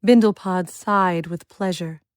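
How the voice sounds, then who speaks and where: A woman reading a children's fantasy story aloud in a measured, expressive style. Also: on the low side, dry recording, clean studio sound. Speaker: narrator. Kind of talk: scripted audiobook narration.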